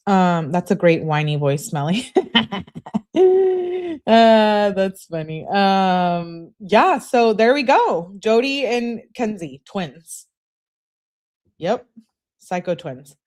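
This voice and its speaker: Woman, casual true crime commentary, sarcastic asides, slightly low pitch. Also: darkish tone. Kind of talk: casual commentary reading texts and chat.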